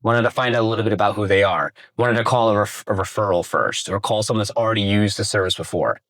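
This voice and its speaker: A man's voice: lowish voice, quick pace. Casual, swearing man teaching a workshop. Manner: casual, energetic, swears, asks audience questions. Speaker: real estate marketing speaker. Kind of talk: live workshop talk. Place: room with a live audience.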